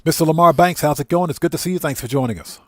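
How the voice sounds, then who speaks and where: Fired-up male streamer, higher voice. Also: very fast, fairly bright tone, no room sound. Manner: fired-up and indignant, greeting chatters by name. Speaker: livestream host. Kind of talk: ranting livestream chat.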